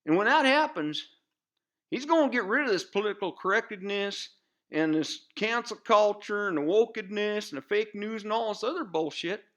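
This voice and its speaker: A man playing a loud-mouthed, bigoted redneck commentator with a rural Southern US accent, rambling in a folksy drawl full of fillers on a comedy news show. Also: high voice, exaggerated voice. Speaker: satirical news pundit. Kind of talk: comedic character monologue.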